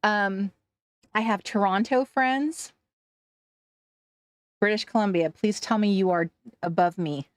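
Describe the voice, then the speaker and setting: A woman's voice: medium pitch, slow pace, long pauses, no room sound, studio quality. A woman from Washington State hosting a casual craft livestream, chatting with viewers, laughing often and trailing off mid-sentence. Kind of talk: casual livestream chat reading viewer comments.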